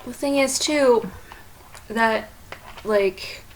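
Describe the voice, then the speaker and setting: Slow-talking woman streamer, blunt and swearing. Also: on the high side, slight background noise, low-quality recording. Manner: blunt, swears, laughs often. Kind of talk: casual chat on a drawing stream.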